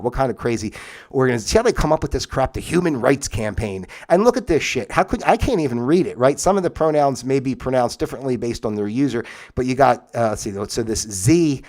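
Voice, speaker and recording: A man's voice: medium pitch, a little mellow. A man hosting a livestream, reading aloud from a web page and rambling in casual, incredulous asides. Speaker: livestream host. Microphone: webcam setup, moves on and off camera.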